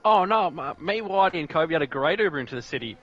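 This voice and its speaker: A man's voice: a little high, expressive, fast talker, fairly bright tone, lo-fi sound. An Australian man chatting casually as a stream co-host, laid-back and calling everyone "mate". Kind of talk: casual chat over racing commentary.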